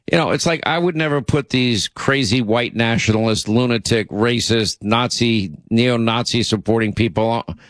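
A man's voice: on the low side, fairly bright tone, no echo, studio quality. A man hosting a talk radio show, delivering an indignant opinion monologue full of restarts and asides. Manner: indignant, repeats himself, frequent uh and you know.

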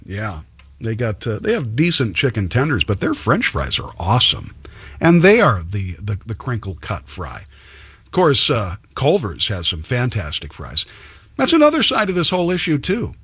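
A man's voice: mid-range voice, huge pitch swings, normal speed, a bit bright, husky, no echo. A man hosting a talk show, chatting casually and telling stories with plenty of restarts. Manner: chatty, storytelling, many restarts. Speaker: radio show host.

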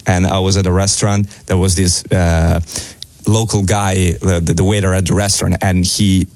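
A man's voice: low voice, level tone, moderate pace, a little mellow, no echo. A man from Italy with an Italian accent, a native Italian speaker, chatting as a guest on a radio show and laughing easily. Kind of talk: casual chat.

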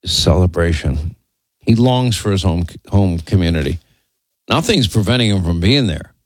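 A man's voice: sits low, animated, no echo. Sardonic male commentary host, dry sound. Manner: sardonic, rambling, quick asides. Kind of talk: casual opinion commentary.

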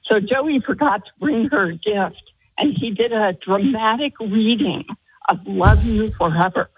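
Bubbly lady calling in from california, husky, phone-line sound. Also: medium pitch, a little slow, no room sound. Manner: bubbly, laughing. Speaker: caller. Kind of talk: call-in chat.

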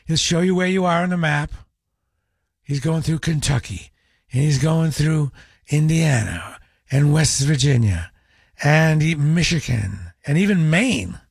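A man's voice: a little high, animated, unhurried, vocal fry, slightly rough, no room sound, clean studio sound. A man hosting a radio talk show, chatting in a wry, opinionated monologue.

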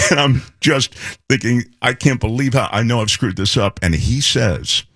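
A man co-hosting a show, telling a lively anecdote in casual chat and imitating people as he goes. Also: medium pitch, moderate pace, husky, no echo, clean studio sound. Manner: animated anecdote teller, imitates voices.

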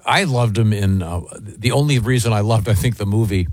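A man's voice: lowish voice, a little fast, a little mellow, no echo. A man co-hosting a morning radio show, chatting in a rambling, hesitant way. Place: radio studio.

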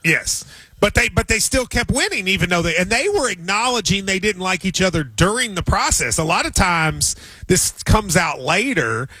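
High, bright-voiced man on sports radio. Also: big pitch swings, moderate pace, slightly rough, dry recording. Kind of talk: casual radio chat.

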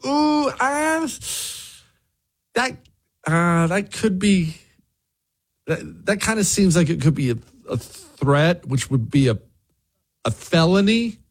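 A man voicing a giddy, careless male partygoer in a high, stammering mocking tone. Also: big pitch swings, slow pace, long pauses, full character voice. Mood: hesitant mocking. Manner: high mocking falsetto-ish whine, stammering.

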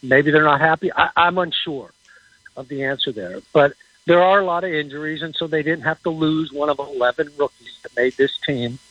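A man giving casual football insight as a radio guest, halting and repeating words as he talks. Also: on the high side, fairly bright tone, no room sound, poor audio. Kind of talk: casual sports talk on radio.

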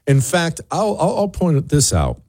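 A male talk radio host who argues hard and stumbles over repeated words when he gets going. His pitch swings widely as he rails against his targets. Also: huge pitch swings, a little slow, darkish tone, dry recording, clean studio sound. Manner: emphatic, combative, repeats words when worked up. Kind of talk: opinionated talk radio monologue.

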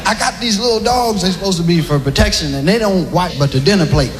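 A man's voice: high-pitched, fast, over music. A man doing a stand-up routine, telling loose stories and slipping into character voices. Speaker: stand-up comedian. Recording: echoey hall, noisy archive recording.

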